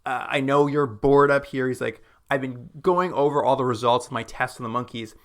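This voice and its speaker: A man co-hosting a casual film discussion, his voice sitting at an ordinary middle pitch. He recaps scenes in a loose, chatty way and jumps into short acted-out quotes of the characters, peppering his talk with "like.". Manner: retells scenes with quick acted-out quotes, many "like" fillers. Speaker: podcast co-host.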